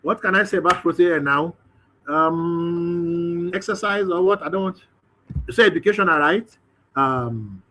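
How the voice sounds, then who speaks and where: This is a high-pitched man teaching a webinar as he clicks through software on screen. He talks at an unhurried pace and pauses with fillers while he works out what to do next. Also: noisy background. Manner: thinking aloud, hesitant fillers. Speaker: webinar presenter. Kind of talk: live screen-share software demo.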